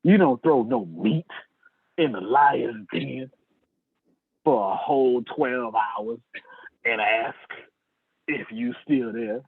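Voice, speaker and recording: A man's voice: medium pitch, takes it slowly, pauses often, breathy edge, no echo. A man giving a sales lesson in a fiery, preacher-like style, calling on listeners by name over a video call. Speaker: sales trainer. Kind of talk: sermon-style sales lecture. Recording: tinny dry phone-like line.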